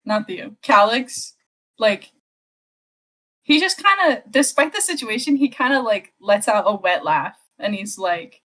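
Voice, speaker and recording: A woman's voice: fairly high pitch, expressive, unhurried, a bit bright. A woman player in a tabletop game, thinking aloud hesitantly as she describes her character's actions.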